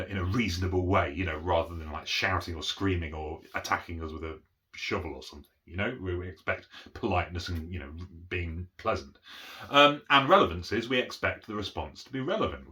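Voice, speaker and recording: Deep-voiced man explaining with frequent okays. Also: pushed and bright. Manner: explanatory, repeats "okay?" to check understanding; frequent restarts and fillers. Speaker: autism educator. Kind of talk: unscripted one-take talk.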